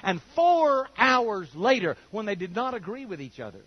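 An older man's voice sits high and carries a breathy edge as he preaches at a moderate pace. He tells stories vividly, voicing the characters he quotes. The recording is dry, dull and lo-fi.

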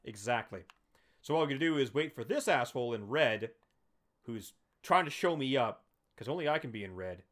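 A man's voice: mid-range voice, expressive, brisk, fairly bright tone. A man hosting a let's play, giving casual commentary in a playful, bragging way with some swearing.

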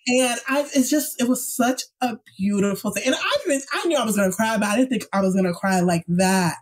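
A young woman co-hosting a podcast, telling stories in a casual, emotional, animated way with lively quoted voices. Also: on the high side, brisk. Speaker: podcast co-host. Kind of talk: casual chat.

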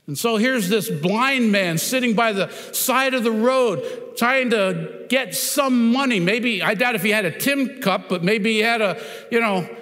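Man, pastor preaching, high voice, long church reverb, dramatic retelling. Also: a bit bright. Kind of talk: sermon. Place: church sanctuary.

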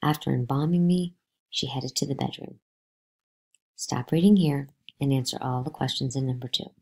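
A woman reading a novel aloud to a class, lively, with pitch jumps on the spoken lines. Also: normal speed, gravelly.

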